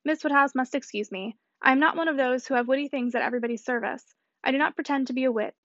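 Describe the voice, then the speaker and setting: A woman's voice: high-pitched, fast talker, fairly bright tone, no room sound. A woman voicing a pompous, self-important married woman who chatters affectedly, in a slightly muffled dry recording. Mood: haughty.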